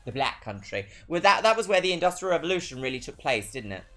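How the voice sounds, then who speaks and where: A streamer from Brighton with a southern English accent, chatting casually and reading out viewer messages, swinging between perky greetings and dry asides. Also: medium pitch, sing-song, fast, soft background music. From Brighton, England. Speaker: livestreamer.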